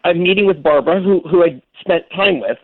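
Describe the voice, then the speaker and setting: Animated man telling a story down a phone line. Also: sits high, a little fast, no room sound. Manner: animated storyteller who acts out quotes. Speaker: guest architect. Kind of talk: storytelling on a radio call-in show.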